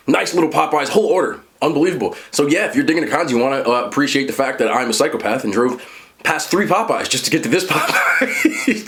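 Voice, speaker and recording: Chatty man reviewing fast food. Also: on the high side. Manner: chatty, animated, talks while eating. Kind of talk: casual food review vlog.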